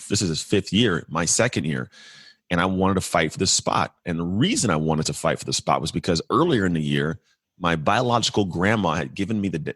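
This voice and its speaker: A Californian man in his forties, guesting on a podcast, tells his life story earnestly and reflectively, his speech fast-flowing with restarts. His voice is low, a bit bright and slightly rough, captured in a dry, studio-quality recording.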